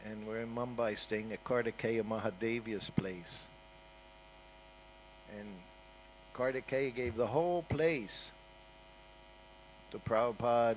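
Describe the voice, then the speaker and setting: A man's voice: lowish voice, a little hiss or hum, low-quality recording. An older man giving an informal storytelling talk at a temple, conversational and full of asides. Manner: conversational, with frequent "you know" and "huh?" asides. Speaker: guest speaker at a temple.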